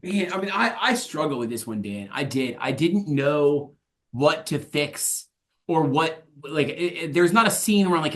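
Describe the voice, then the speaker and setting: A young man with a slightly higher voice chats on a casual movie podcast. He is relaxed and hesitant, filling gaps with ums and letting his sentences trail off softly. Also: normal speed. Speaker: podcast co-host.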